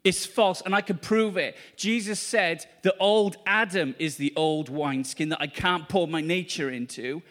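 A man's voice: on the high side, moderate pace, hardly any pauses, fairly bright tone. A man preaching a charismatic sermon at a church meeting, fervent and repetitive, exclaiming to the congregation.

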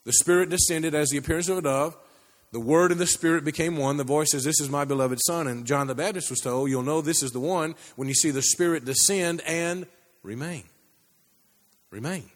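A man preaching a sermon, telling a story with many restarts and climbing pitch as he builds. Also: fairly quick. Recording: long hall reverb.

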